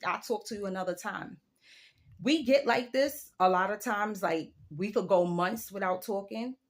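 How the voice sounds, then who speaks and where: A woman in her forties giving a casual opinion rant to her viewers, telling a story with emphatic, drawn-out delivery and big jumps in her voice. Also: medium pitch. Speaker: vlogger.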